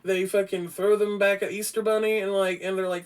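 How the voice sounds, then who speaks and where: A man's voice: high-pitched, brisk, clear, resonant tone. A man hosting a podcast, casually reviewing a film in a rambling, profane way with frequent restarts. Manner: grows loud and animated. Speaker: podcast host.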